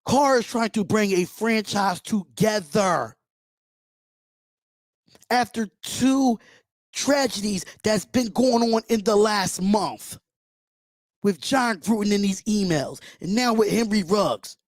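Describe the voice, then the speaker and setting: A man's voice: sits high, slow, no echo, studio quality. A man hosting a live fan reaction stream, talking with passion, bluntness and frequent swearing. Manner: impassioned, blunt, swears freely. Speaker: livestream host. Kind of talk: emotional fan reaction livestream.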